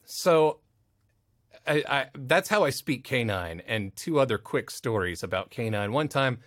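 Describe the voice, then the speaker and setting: A man, a voice actor, talks in a loose, rambling way during a relaxed interview, now and then dropping into playful little voices for the people he quotes. His voice sits at an ordinary male pitch. The studio sound is dry and close. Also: measured pace, no room sound. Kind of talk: casual interview storytelling. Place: recording studio.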